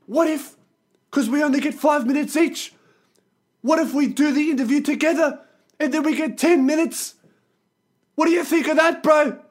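A man voicing a drunk, overexcited young Kiwi man with a New Zealand accent, loud and calling everyone bro. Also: normal speed, pauses often. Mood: excited. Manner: loud, high, slurring "bro" talk.

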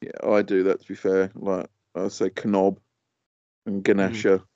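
A man's voice: deep voice, monotone, normal speed, vocal fry, warm tone, smooth, no echo. A man co-hosting a podcast in casual chat, grumbling good-naturedly about things that irritate him. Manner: chatty, grumbling about pet peeves. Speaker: podcast co-host. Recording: dull lo-fi podcast audio.

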